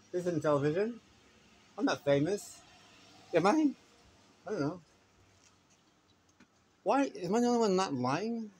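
Man, slightly high voice, rambling, stammering, wry, phone recording in a shop. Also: darkish tone, breathy edge. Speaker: vlogger filming a shop visit. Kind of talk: casual running commentary. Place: indoor shop counter.

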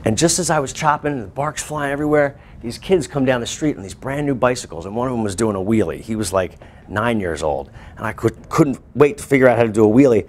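A male teacher telling a class a lively personal story in a school classroom. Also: medium pitch, quick pace. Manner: animated, acts out voices and screams.

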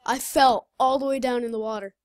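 A young woman chatting casually while playing a game, excitable, blurting out reactions and laughing. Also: fairly high pitch, a little fast, no room sound. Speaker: gamer. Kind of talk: casual gaming chat.

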